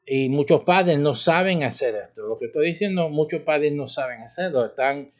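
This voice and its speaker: A man pastor giving an informal sermon teaching, with a demonstrative manner, acting out stern warnings and chuckling. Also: mid-range voice. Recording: dull lo-fi livestream audio.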